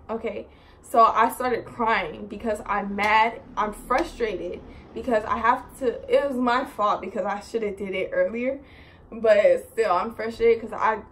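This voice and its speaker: A young woman vlogging a story in a casual, rambling way, filling her talk with "like" and "so" and swearing in exasperation. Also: medium pitch. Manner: rambling, animated, heavy use of "like" and "so".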